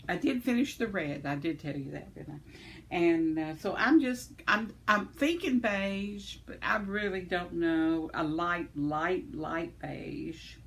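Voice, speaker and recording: A woman's voice: on the low side, slow, vocal fry, fairly bright tone, a little hiss or hum. A woman, chatting casually as a vlogger, giggly and rambling, with fillers and trailing thoughts. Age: 70s. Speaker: vlogger reading viewer comments. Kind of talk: casual chat.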